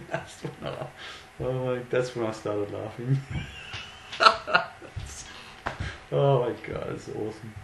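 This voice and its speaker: A man's voice: mid-range voice, takes it slowly, creaky, pauses often. A young man casually telling a story, amused and mocking, often breaking into laughter. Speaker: vlogger. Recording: echoey room with faint background noise.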